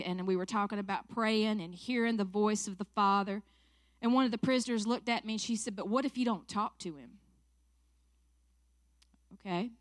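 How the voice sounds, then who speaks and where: Southern church minister, woman, 40s, earnest and emotional, mid pitch, dry recording. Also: no room sound. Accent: South Carolina Southern. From South Carolina, USA. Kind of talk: prayer and personal testimony talk.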